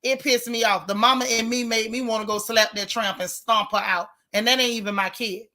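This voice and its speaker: A woman's voice: a little high, brisk. A woman hosting a casual live stream, reading viewer comments and speaking out in an emphatic, outspoken way. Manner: animated, outspoken, emphatic repetition.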